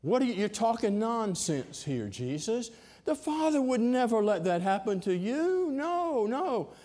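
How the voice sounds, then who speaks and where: An impulsive male disciple who pleads and protests in a voice pushed well above a man's usual pitch, as a preacher acts him out. He insists hard and sounds close to aghast. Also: very animated, a little slow, warm tone, exaggerated voice. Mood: protesting.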